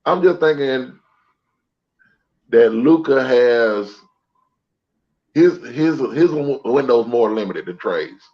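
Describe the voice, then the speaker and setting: A man in the middle of a casual sports debate, blunt and quick to joke, his points spilling out in long run-on stretches. The audio is dull and lo-fi. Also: mid-range voice, expressive. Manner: blunt, joking, talks in long run-on takes. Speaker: sports show co-host.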